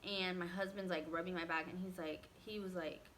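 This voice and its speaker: A woman telling a personal story in a casual storytime vlog, animated and acting out what others said, with many "like" fillers. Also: on the low side, brisk, slight background noise. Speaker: vlogger.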